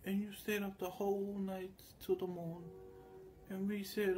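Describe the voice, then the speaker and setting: A man's voice: high-pitched, flat delivery, a little slow, a little mellow. A man talking in a loose, meandering monologue, often slipping into quoted voices as he tells his story. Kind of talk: rambling monologue.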